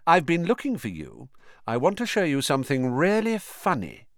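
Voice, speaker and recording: A man's voice: on the high side, huge pitch swings, normal speed, dry recording, studio quality, voice pushed up. A man doing a drawling, sneering teen bully. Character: sneering arrogant teenage boy bully.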